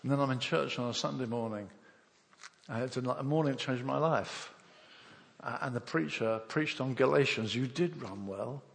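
An older man from England preaches and tells his own story, putting on the voices and thoughts of each person he quotes. His voice has a gravelly, creaky edge and a mid pitch. It rings with the long reverb of a large hall. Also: normal speed. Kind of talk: sermon with personal testimony.

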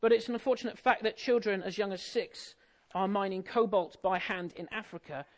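A man's voice: high-pitched, fairly quick. A married man preaching an Easter sermon in a conversational, jokey way, often asking the audience questions. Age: adult, married.

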